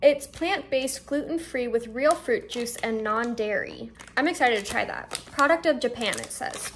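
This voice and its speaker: At a moderate pace, a young vlogger with a fairly high voice chats eagerly through her haul, tasting snacks and thinking out loud about each one. An air conditioner hums faintly in the background of her home.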